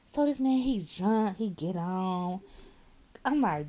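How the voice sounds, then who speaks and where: A woman's voice: mid-range voice, moderate pace. A woman who drives a bus, chatting casually and telling blunt, profane work stories. She acts out the people in them. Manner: animated storyteller, acts out quotes, laughs often.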